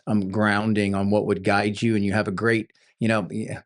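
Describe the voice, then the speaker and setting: A man hosting a casual interview, speaking hesitantly with frequent pauses and fillers. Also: fairly low pitch, flat delivery. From Texas. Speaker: interview host.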